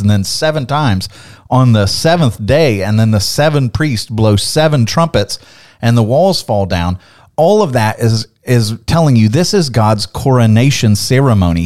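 A man's voice: medium pitch, darkish tone. A man co-hosting a podcast, teaching the Bible in an emphatic, building way and reading scripture aloud.

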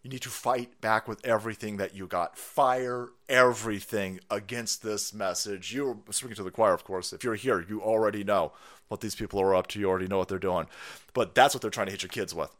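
A man hosting a livestream, ranting in a mocking, combative way that swings from loud outbursts to low muttering, and reading viewer chat aloud. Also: brisk. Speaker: livestream host. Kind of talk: ranting political commentary livestream.

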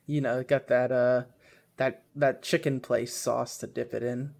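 Young male co-host, unhurried and relaxed, slangy and teasing. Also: mid-range voice, gravelly. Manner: laid-back, slangy, teasing. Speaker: podcast co-host. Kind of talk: casual podcast banter.

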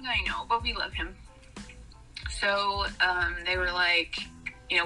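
A woman's voice: normal speed, faint music behind, poor audio. A woman casually telling a comic story on a podcast, acting out what others said with big jumps in her voice and frequent laughter. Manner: animated, acts out quoted voices with big pitch jumps, laughs often.

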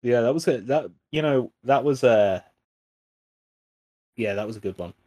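A man co-hosts a casual podcast and tells a long, rambling joke story. He swears freely, his voice sits at a middle pitch, and the sound is dry and close. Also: expressive, moderate pace, mellow, no echo. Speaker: podcast co-host.

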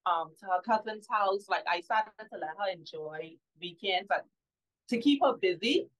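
A woman guest on a faith podcast, telling a personal story candidly and often dropping to a soft, low voice. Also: animated, moderate pace. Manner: candid, often drops to a soft, low voice when recalling things. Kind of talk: casual storytelling conversation. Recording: slightly dull lo-fi sound.

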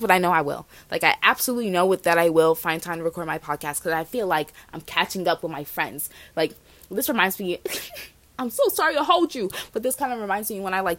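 A young podcast host in her twenties, with a fairly low, slightly bright voice and vocal fry, runs a casual solo show. Her talk is bubbly and rambling, full of "like," with no room sound.

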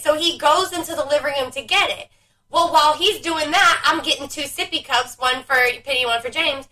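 Young woman co-host, high bright voice, lively swearing storyteller; mic a little far off. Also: a little fast. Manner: animated storyteller, swears freely. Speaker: podcast co-host. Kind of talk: casual chat.

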